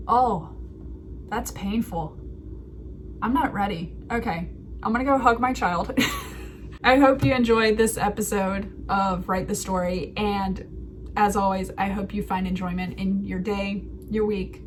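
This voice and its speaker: A chatty woman in her thirties talks through a story draft as host of a writing show. Her voice sits at a medium pitch, and a faint hiss of noise runs under it. She sounds casual and laughs at herself now and then. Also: a little slow.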